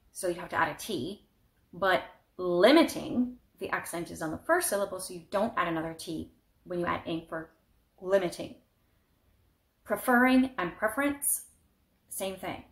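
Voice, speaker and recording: A young adult woman chatting casually and excitedly about books, with frequent restarts and fillers. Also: lowish voice. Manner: enthusiastic, rambling, many restarts and fillers. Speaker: book vlogger. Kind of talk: casual book review. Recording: echoey room.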